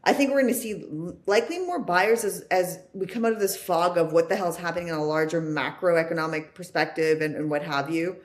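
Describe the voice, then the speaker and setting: A woman's voice: fairly low pitch, brisk, few pauses. A woman, a guest on a casual podcast, reacting emphatically and summing up points. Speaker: podcast guest, real estate professional.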